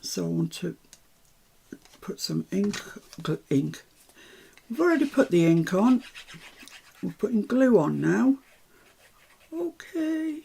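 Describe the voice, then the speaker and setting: An older woman talks viewers through a craft project in a relaxed, chatty way. Her voice is strongly gravelly, dark and a little husky. She throws in self-mocking asides as she works. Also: on the low side, a little slow, long pauses. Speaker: craft tutor. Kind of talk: live craft demonstration.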